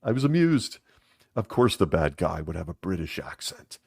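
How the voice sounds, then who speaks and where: A man with a somewhat low voice gives a sarcastic commentary. He talks in a wry, mocking tone and often chuckles at his own remarks. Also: big pitch swings, normal speed, gravelly, darkish tone, slightly rough. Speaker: commentary channel host.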